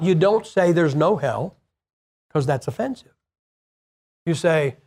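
Breathy older man preaching. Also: fairly high pitch, lively intonation, takes it slowly, long pauses, darkish tone. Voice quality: breathy at the ends of sentences from partially paralyzed vocal cords. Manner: conversational and plain-spoken, with repeated restarts. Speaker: evangelist preacher. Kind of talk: informal sermon to a group.

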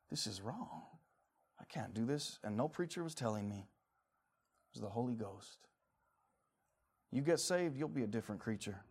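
A pastor in his forties delivers a fervent sermon in a creaky, husky voice, swinging between quiet, low passages and loud, high-pitched shouting. He acts out prayers and inner voices as he preaches.

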